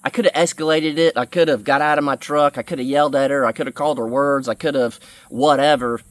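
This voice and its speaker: An earnest young man tells a personal story on his vlog. He rambles and fills his speech with fillers, in a mid-pitched voice. The sound is dry and close. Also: fairly even intonation, fast, no room sound. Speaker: vlogger.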